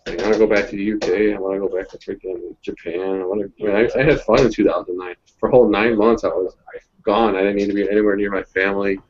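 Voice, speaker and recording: Guy, lowish voice, swearing and rambling through stories; muffled lo-fi audio. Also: steady tone, quick pace, darkish tone, slight background noise. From Southern United States. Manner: profane, rambling storyteller with frequent restarts. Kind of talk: casual chat. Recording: dull lo-fi audio.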